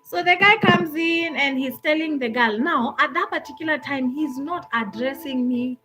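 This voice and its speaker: Kenyan woman host, high and bright, animated storyteller, faint music under her. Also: normal speed, rough recording. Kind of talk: storytelling talk.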